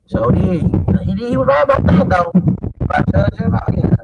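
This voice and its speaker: A man in his forties telling a rambling, profane story in an animated vlog monologue. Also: sits high, brisk, creaky, muffled recording. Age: 40s. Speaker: vlogger. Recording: distant mic with loud background noise.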